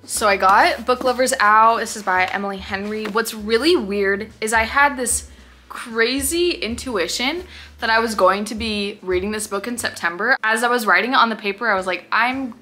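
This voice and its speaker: Woman book vlogger, bright crisp tone, gushing and gasping over each pick. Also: fairly high pitch, normal speed, soft background music. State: out of breath. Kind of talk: casual reading vlog.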